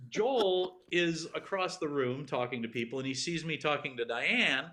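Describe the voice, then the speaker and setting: A man's voice: a little high, expressive, unhurried, sharp tone. A middle-aged man, a TV writer appearing as a podcast guest, telling a comedic story in a rambling way, full of "like" fillers and swearing. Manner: rambling anecdotal delivery full of "like" fillers and profanity.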